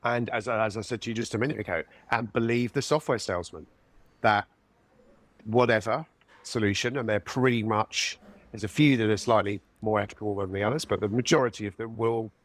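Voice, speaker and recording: A man in his fifties, a guest consultant on a podcast interview, explaining in a measured, methodical way. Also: fairly low pitch, steady tone. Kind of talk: interview conversation.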